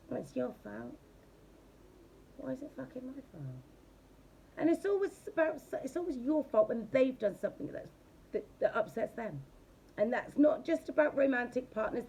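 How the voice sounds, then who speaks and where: A woman's voice: fairly high pitch, dark tone. Blunt, swearing woman tarot reader. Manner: blunt and profane, chatty. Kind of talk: casual tarot reading.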